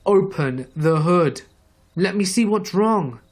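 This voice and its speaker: A man voicing an impatient, gruff older male stranger who yells short commands. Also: sits high, animated, slow, voice pushed up, heavily acted. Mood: yelling. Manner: yelling commands.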